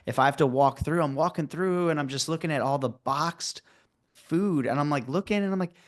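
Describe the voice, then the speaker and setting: A man's voice: fairly high pitch, a little fast. A man hosting a podcast, chatting casually and rambling with lots of filler words. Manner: rambling, heavy use of "like" and restarts. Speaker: podcast host. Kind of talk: casual interview chat.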